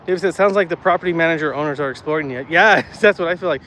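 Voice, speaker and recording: A man's voice: on the high side, racing, pushed and bright. Chatty man walking and talking outdoors. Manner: chatty, rambling, easily worked up. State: slightly out of breath from walking uphill. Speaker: vlogger chatting with live viewers. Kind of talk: casual live walk-and-talk. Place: outdoors on city streets. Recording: faint street noise outdoors.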